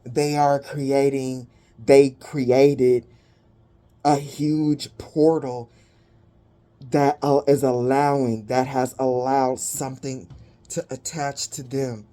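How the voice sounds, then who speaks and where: Slow dark-voiced woman giving a spiritual reading. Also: rumbling low, fairly even intonation. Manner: dramatic, blunt, profane, breathy asides. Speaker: spiritual reader.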